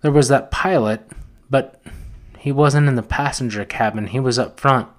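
An anxious chubby schoolboy in spectacles, voiced by a man reading a storybook. He chatters eagerly and keeps asking worried questions, in a voice pitched at a man's middle range. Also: normal speed, close to an everyday voice.

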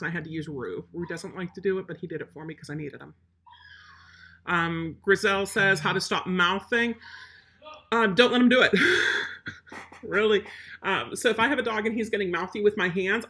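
A woman's voice: fairly low pitch, bright, forceful tone, breathy edge. A woman service dog trainer giving blunt, emphatic advice while answering viewer questions live. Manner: blunt, emphatic, matter-of-fact.

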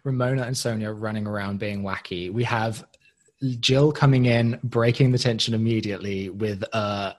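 A man co-hosting a podcast, casually recapping a show as an animated storyteller who acts scenes out. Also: fairly low pitch, moderate pace. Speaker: podcast co-host.

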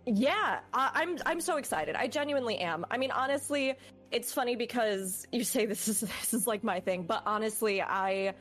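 A woman's voice: fairly high pitch, expressive, normal speed, a bit bright, soft background music. A woman guest on a casual podcast chat, effusive and earnest, with some teasing. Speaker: podcast guest and content creator.

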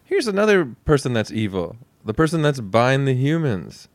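A man's voice: mid-range voice, big pitch swings, moderate pace, no echo, clean studio sound. A man casually chatting as a podcast co-host, rambling, swearing and laughing often. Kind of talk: casual comedic chat.

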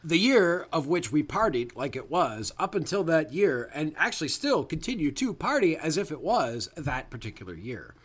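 A man's voice: a little high, sing-song, moderate pace, hardly any pauses. A man co-hosting a comedy podcast, riffing playfully on tangents. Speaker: podcast co-host. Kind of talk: casual comedic chat.

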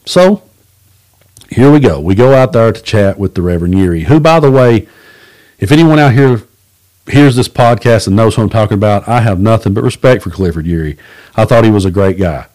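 A man from hosts his own podcast and tells stories in a relaxed, plainspoken way. He is blunt, curses without a second thought, and slips into the voices of the people he quotes. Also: fairly low pitch, fairly quick. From Southeast Kentucky. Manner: folksy, blunt, swears freely, acts out quoted voices. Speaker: podcast host. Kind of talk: casual storytelling monologue.

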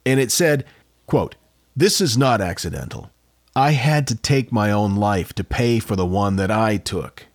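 A man's voice: on the low side, expressive, unhurried, dry recording, studio quality. A man co-hosting a podcast, casually telling a true-crime story with jokey asides. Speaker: podcast co-host.

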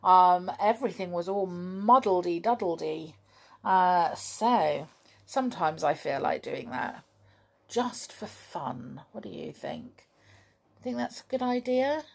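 Slow husky woman storyteller. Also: lowish voice, animated. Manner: gentle, playful and chatty with young listeners. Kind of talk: children's story reading.

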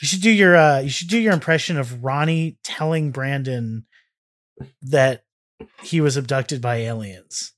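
Podcast guy, excitable, laughs at himself, stumbles over words a lot. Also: medium pitch, unhurried. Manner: excitable, self-mocking, trips over words. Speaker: podcast co-host. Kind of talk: casual podcast chat.

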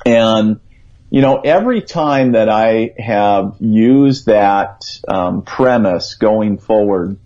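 A man's voice: lowish voice, slow pace, mellow. A man on a call-in radio show as a guest psychic, telling a story in an earnest, rambling way. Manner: earnest, rambling, quotes his own thoughts aloud. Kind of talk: conversational storytelling. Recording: dull lo-fi radio sound.

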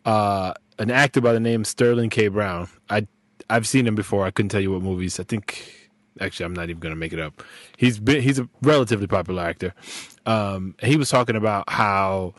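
A man's voice: fairly low pitch, brisk, dry recording. A man hosting a podcast, talking casually and loosely with slang and restarts. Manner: relaxed, rambling with restarts and slang. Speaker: podcast host.

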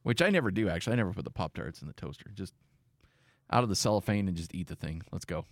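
A man's voice: low voice, fast talker, no room sound, clean studio sound. A man hosting a radio show, bantering casually with his co-host in a joking way and reading sponsor plugs.

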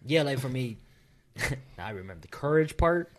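A young man in a casual chat with friends who rambles in a relaxed way and keeps asking whether they know what he means. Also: mid-range voice, normal speed.

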